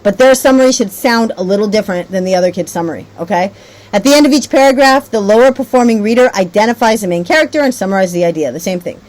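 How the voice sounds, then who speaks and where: A woman's voice: medium pitch, animated, fast talker, darkish tone, poor audio. A woman training teachers on a reading method, rambling a little, correcting herself and checking in often. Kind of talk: teacher training talk with read-aloud demos.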